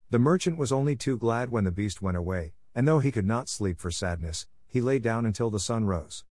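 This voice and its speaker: A man narrating a classic fairy tale in a calm, even-paced audiobook reading. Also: medium pitch, brisk, hardly any pauses, no echo, studio quality. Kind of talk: scripted storybook narration.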